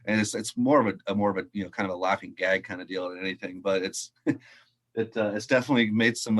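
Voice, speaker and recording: A man, a head golf professional, telling a story casually in an interview, animated and acting out quotes, laughing often. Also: fairly low pitch, quick pace.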